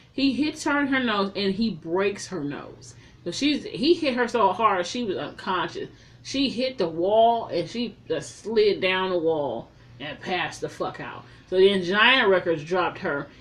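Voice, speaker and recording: A woman reviewing a film in a casual, profane recap, telling the story in an animated way with heavy slang. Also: on the low side.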